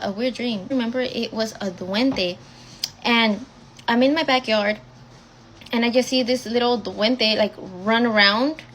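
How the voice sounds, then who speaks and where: A young woman casually telling a personal story, blunt and swearing often as she rushes through the retelling. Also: a little high, fairly bright tone, slight background noise, poor audio.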